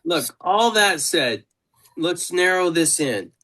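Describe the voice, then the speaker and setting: A man's voice: sits high, expressive, slow pace, sharp tone. A man hosting a consultation over a video call, telling stories bluntly and swearing freely. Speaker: consultant host. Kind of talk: casual video call chat.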